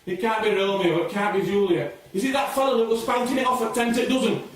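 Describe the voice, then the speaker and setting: Man, high voice, exasperated solo stage monologue, recorded far off in an echoey space. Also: fairly even intonation, quick pace. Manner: exasperated, musing aloud. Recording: echoey room, distant mic.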